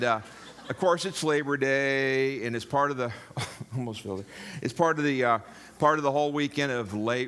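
A man's voice: medium pitch, pushed and bright. An older man preaching a sermon in a jokey, rambling way, talking straight to the congregation. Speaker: pastor.

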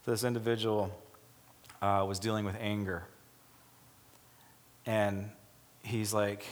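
A man's voice: on the low side, steady tone, a little slow, pauses often, in a large hall. A man preaching a sermon as pastor, talking emphatically and acting out the voices in the stories he tells. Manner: emphatic, acts out quoted dialogue.

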